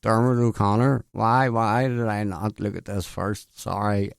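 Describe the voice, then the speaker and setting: A man's voice: lowish voice, fairly even intonation, unhurried, vocal fry, no echo, clean studio sound. A man hosting a late-night radio show in casual chat, rambling and self-deprecating, stumbling over names. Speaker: radio host. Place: radio studio.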